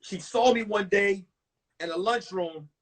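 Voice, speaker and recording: A man in his forties, a comedian telling crude, animated stories about his school days on a phone livestream. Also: high voice, unhurried. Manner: animated, profane storytelling with acted-out voices. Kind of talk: stand-up storytelling on a livestream.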